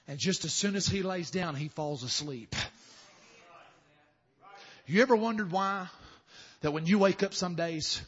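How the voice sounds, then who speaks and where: A man preaching a sermon, swinging from soft murmurs to fervent shouting. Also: a little high, husky, dull audio.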